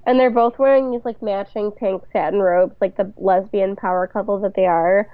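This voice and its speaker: Brief: young woman, mid-pitch, relaxed co-host, dry muffled lo-fi recording. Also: normal speed, no echo. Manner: laid-back, agreeing, lots of "like". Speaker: podcast co-host. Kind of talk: casual chat. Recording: dry, dull lo-fi mic.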